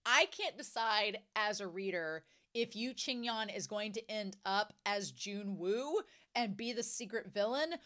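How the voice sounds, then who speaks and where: Bright-voiced woman chatting about a book. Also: a little slow. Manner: animated, swings to excited high squeals. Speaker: book reviewer. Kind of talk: casual book discussion.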